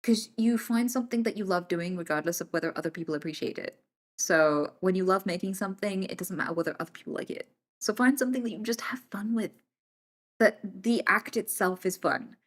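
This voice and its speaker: A woman's voice: mid-range voice, a little fast. A British woman streaming live, answering her chat casually and bluntly, swearing freely and moving between jokes and serious points.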